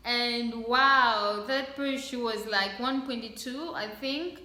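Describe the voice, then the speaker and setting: Bubbly young woman unboxing stuff, bright voice, slow gushy talk, echoey room. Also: on the high side. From Congo. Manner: bubbly, gushing, laughs often. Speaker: vlogger. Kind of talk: casual unboxing chat.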